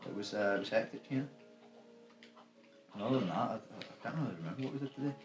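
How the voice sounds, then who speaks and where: Scottish male let's-play host, low voice, loose sweary anecdotes, roomy echo over loud game music. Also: lively intonation, fast. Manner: rambling storyteller, swears freely. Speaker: gaming co-host. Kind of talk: casual let's-play banter. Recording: echoey room with game music. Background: video game music.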